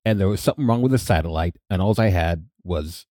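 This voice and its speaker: A man's voice: sits low, animated, fast, mellow, no echo, studio quality. A man playing Moses, a rambling, easygoing figure on an improvised comedy podcast. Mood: laid-back. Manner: rambling, laid-back.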